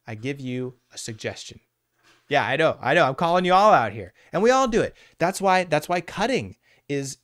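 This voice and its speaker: Blunt, animated man teaching hypnosis. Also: medium pitch, no room sound, clean studio sound. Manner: animated, blunt and profane, answers chat by name. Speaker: hypnotherapist teaching a live class. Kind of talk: casual livestream lecture.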